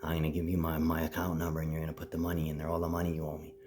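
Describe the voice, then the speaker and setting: A man delivering a rambling, grandiose solo monologue, shifting between low muttering and loud declaring. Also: completely flat delivery, rapid-fire, noisy background.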